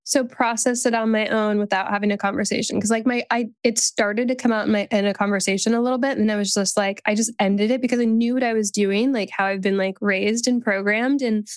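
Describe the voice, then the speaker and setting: A woman's voice: medium pitch, steady tone, brisk, few pauses, clean tone, no echo. A woman being coached on a podcast, candidly talking through her frustrations and saying "like" often. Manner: candid, venting, says "like" often. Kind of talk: casual coaching conversation.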